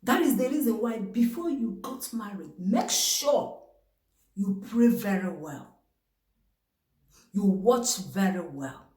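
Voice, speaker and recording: A woman's voice: mid-range voice, lively intonation, slow, pauses often, darkish tone, roomy sound, poor audio. A woman with a Nigerian English accent giving marriage advice to camera in an emphatic, preachy way, asking herself rhetorical questions.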